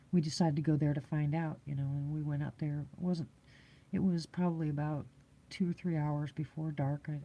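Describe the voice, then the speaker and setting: Low mellow-voiced woman telling a story. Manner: rambling, laughs often, many fillers and restarts. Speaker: live chat host. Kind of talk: casual storytelling.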